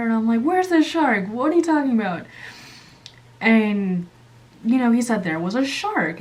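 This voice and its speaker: A woman hosting her channel, telling a story casually while coloring, animated and chatty, jumping up in pitch when she acts out quotes. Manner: chatty, many fillers and asides. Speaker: channel host.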